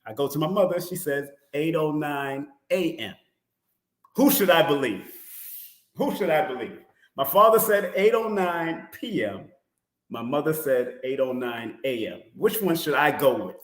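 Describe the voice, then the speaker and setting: A man's voice: a little high, a bit bright, echoey room. A man hosting a live-stream numerology Q and A, chatty, laughing often and repeating his phrases. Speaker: numerology host.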